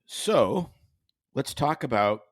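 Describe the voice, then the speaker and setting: Animated swearing podcast co-host man. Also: medium pitch, takes it slowly, dry recording, clean studio sound. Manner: animated, swears freely, does mock accents. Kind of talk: casual chat.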